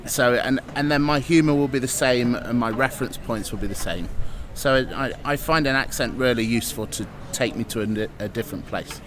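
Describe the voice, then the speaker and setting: A man answers questions in an earnest, reflective way. His pitch sits in the middle range. He was recorded outdoors in a town. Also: fairly quick, a crowd in the background. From England. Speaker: improviser and presenter. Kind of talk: interview answers.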